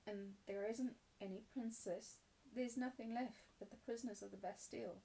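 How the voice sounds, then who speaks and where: A woman reading a storybook aloud, voicing a quiet, sad young girl in a low, soft voice. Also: steady tone, moderate pace, slight background noise, lightly acted, poor audio.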